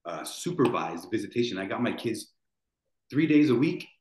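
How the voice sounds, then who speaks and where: A man's voice: lowish voice, expressive, normal speed, a little mellow. A man in his forties, a podcast guest telling a painful story in a rambling way, restarting and repeating his words. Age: 40s. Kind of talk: emotional storytelling. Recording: roomy echo.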